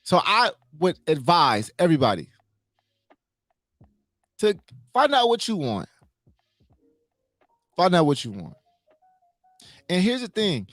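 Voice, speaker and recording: A man's voice: high-pitched, wildly swooping pitch, takes it slowly, pauses often, a bit bright, no room sound. A man hosting a casual motivational livestream, emphatic, repeating his points and asking his listeners questions.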